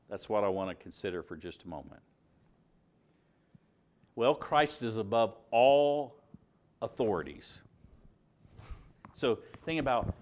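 Southern guy preaching, emphatic, slows way down on the big words, medium voice. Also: medium pitch. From Alabama, US. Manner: emphatic, rises and drops for stress, slows on key words. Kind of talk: sermon.

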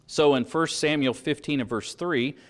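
Male pastor, animated sermon delivery, reads scripture with swelling emphasis. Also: on the high side, normal speed. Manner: animated preaching, reads verses aloud with rising emphasis.

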